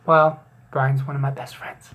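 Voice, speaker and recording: A man's voice: mid-range voice, flat delivery, moderate pace, fairly bright tone, husky. A man hosting a casual fantasy football league recap, joking and teasing with plenty of swearing.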